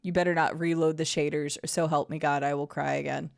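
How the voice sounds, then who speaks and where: A young woman streaming a game, chatting casually and getting emotional and excitable, with casual swearing. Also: low-pitched, fast talker, creaky, hardly any pauses. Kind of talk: casual live-stream gaming chat.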